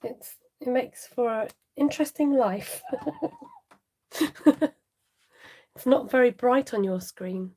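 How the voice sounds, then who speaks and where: A woman's voice: high voice, huge pitch swings, slow, pauses often, warm tone, breathy edge. A woman hosting a chatty live craft tutorial, laughing often and muttering asides to viewers as she works. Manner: talks straight to viewers and reads out their comments. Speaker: papercraft demonstrator hosting a live stream.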